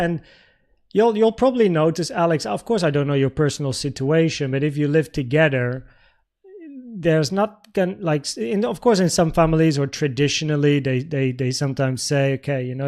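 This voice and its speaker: A man's voice: medium pitch, a little mellow. A young man from the Netherlands hosting a casual livestream, rambling and restarting as he reads out viewer comments. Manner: rambling, with frequent restarts and filler words. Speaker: livestream trading host.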